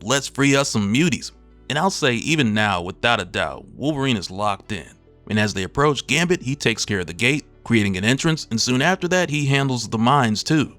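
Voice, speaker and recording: Male recap host, casual and chatty, very animated delivery. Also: medium pitch, brisk, soft background music. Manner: chatty, laughs at his own asides. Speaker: comic book recap host. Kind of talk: casual comic recap narration.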